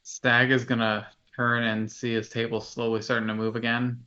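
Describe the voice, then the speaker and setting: Guy playing d&d, flat monotone, says his moves plainly, lo-fi sound. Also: mid-range voice, moderate pace. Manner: describes his turn plainly. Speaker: player. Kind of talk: casual tabletop play.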